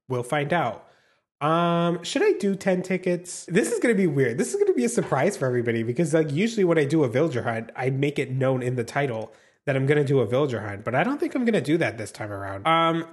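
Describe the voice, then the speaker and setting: Man, gaming commentary, excitable, chatty, cursing, mid-pitched voice. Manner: excitable, chatty, swears freely, talks to viewers. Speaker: gaming YouTuber. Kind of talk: casual gameplay commentary.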